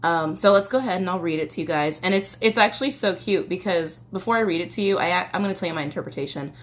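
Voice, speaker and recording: A tarot reader with a lowish voice talks fast and casually through a reading, swearing freely, reading song lyrics aloud, and letting out a slight cough.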